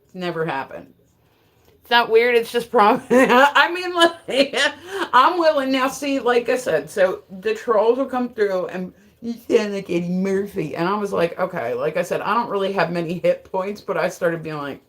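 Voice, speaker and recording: A woman's voice: mid-range voice, lively intonation, moderate pace, fairly bright tone. Woman streamer, chatty and frank, keeps saying like, jokes around. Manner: rambling, frequent filler words; joking and frank. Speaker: live streamer. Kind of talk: casual live-stream chat.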